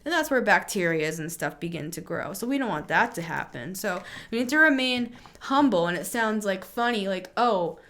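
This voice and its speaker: A woman talking through a tarot reading in a relaxed spoken style. She is earnest and reassuring, and she muses aloud as she goes, with frequent fillers and restarts. Her pitch sits in an ordinary middle range for a woman. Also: moderate pace, few pauses. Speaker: tarot reader.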